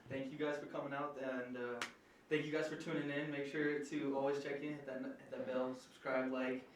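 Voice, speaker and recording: A man's voice: mid-range voice, a little fast, distant mic, slight background noise. A young man co-hosting a casual podcast chat, telling stories and acting out what people said. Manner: animated storyteller acting out quotes. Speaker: podcast co-host. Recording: echoey room, away from the mic.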